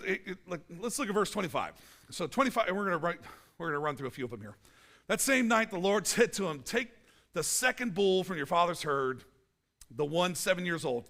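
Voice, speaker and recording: A man's voice: high voice, vocal fry. A male pastor preaching a casual, playful sermon in church, acting out little scenes. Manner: animated, playful, acts out little scenes and quotes.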